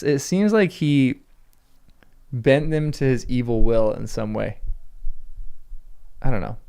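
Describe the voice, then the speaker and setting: A man with a gravelly, slightly creaky voice chats casually on a livestream. He answers comments from viewers in a loose, rambling way and laughs often. His pitch sits in the middle range for a man. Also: darkish tone. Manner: chatty, answers live chat comments with frequent laughs. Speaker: livestream host.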